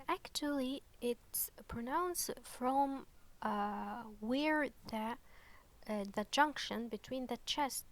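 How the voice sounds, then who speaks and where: A woman gives an online language lesson at a slow, careful pace. Her voice sits fairly high, and she keeps stopping to ask "okay?" as she explains each point with patience. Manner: slow and patient, with frequent fillers and "okay?" check-ins. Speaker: Arabic teacher.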